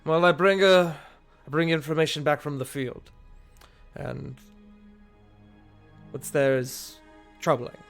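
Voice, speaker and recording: A man voicing a stern, scarred middle-aged general in a tabletop game, speaking formally and measured. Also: on the high side, gravelly, fairly bright tone, soft background music, heavily acted. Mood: grave.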